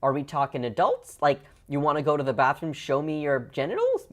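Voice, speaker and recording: Very low-voiced woman ranting on camera. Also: big pitch swings, brisk, slight background noise. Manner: impassioned, heavy use of "like" fillers. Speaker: vlogger. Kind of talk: emotional video rant.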